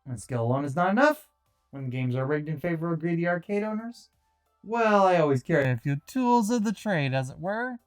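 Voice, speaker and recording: A man's voice: fairly high pitch, lively intonation, a little fast, faint music behind, lightly acted. A man voicing a courtly, roguish male arcade thief with theatrical, old-fashioned phrasing, reading a visual novel aloud. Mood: boastful.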